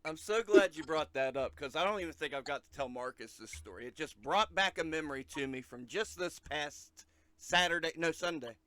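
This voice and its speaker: A man hosting a podcast, chatting casually and telling a story with animated energy. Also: fairly high pitch, brisk, no room sound. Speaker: podcast host.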